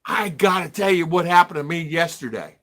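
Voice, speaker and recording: Middle-aged American man, livestream host; rambling chatter, somewhat high and very bright. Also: lively intonation, a little fast. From United States. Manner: rambling, reads viewer comments aloud. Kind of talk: casual live-stream chat.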